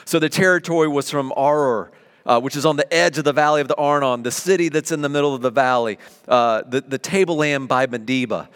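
A man delivers an animated, conversational sermon, voice at a middle pitch. His words ring out with a long reverb from the church hall around him. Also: a little fast, clean tone. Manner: animated, conversational preaching with everyday examples. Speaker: pastor.

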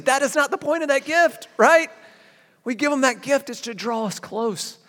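A man preaching a sermon as a pastor, animated and given to sudden emphatic bursts. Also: very high-pitched, moderate pace. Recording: long hall reverb.

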